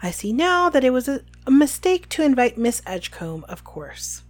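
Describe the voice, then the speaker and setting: A woman reading aloud and voicing a calm, gently amused old male headmaster. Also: high voice, normal speed, faint music behind.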